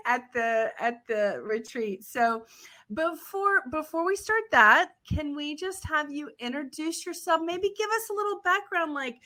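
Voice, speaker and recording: A woman's voice: on the high side, bright, forceful tone. A woman hosting a travel podcast interview, upbeat and chatty, laughing easily. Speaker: podcast host.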